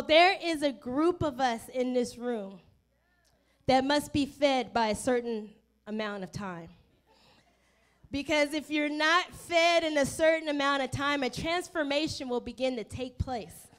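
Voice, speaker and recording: Woman pastor, African-American accent, high bright voice, playful church sermon over faint music. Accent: African-American English. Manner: playful, chatty with the congregation, acts out inner voices. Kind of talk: casual, humorous sermon. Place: church sanctuary.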